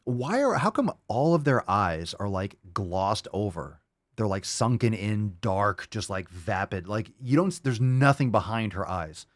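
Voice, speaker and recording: A man hosting a commentary show delivers crude, sarcastic rants, mocking his subject and slipping into mock voices. His voice sits on the low side and is expressive, a little slow, with clean studio-quality sound and no room echo.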